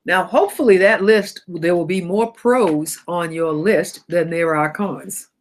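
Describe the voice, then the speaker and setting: Middle-aged woman host with a cold, slightly low voice, lively motivational talk that laughs and corrects itself. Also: measured pace. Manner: animated, laughs and self-corrects often. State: has a cold. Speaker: host of a self-help broadcast.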